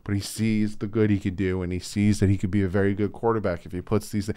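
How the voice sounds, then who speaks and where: A man's voice: lowish voice, fast talker, clean tone, dry recording, studio quality. A man hosting a sports fan reaction video, talking casually and laughing often as he comments. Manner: laughing often, animated and amused. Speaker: YouTube fan reaction host.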